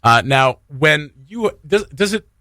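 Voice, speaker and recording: A man's voice: fairly high pitch, animated, measured pace, pushed and bright, no echo, studio quality. A man with a Canadian accent hosting a morning radio show, chatting casually and animatedly, laughing easily. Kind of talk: casual banter.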